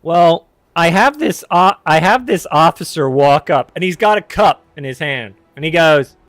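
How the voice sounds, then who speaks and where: Chatty man, smooth clear voice. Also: a little high, lively intonation, normal speed, a bit bright, dry recording. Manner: rambling, self-correcting, wry and candid. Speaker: podcast host telling a personal story. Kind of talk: casual storytelling.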